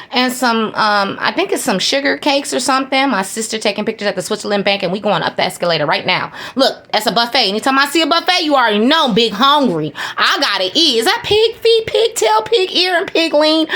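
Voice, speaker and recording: A woman's voice: a little high, big pitch swings, fairly quick, bright, forceful tone. A woman from the United States narrating a casual travel vlog, chatty and playful, with slangy asides to her viewers. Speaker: travel vlogger.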